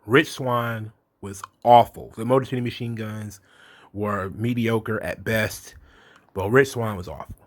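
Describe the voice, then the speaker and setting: A man's voice: lowish voice, steady tone, unhurried. A man hosting a casual solo commentary, blunt and exasperated, swearing freely and acting out quotes. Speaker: wrestling commentary host.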